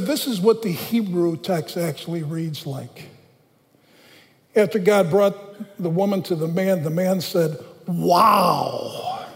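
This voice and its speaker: A man preaching a conversational sermon in a church, slowing down to read scripture aloud. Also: high-pitched, darkish tone, in a large hall. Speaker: pastor.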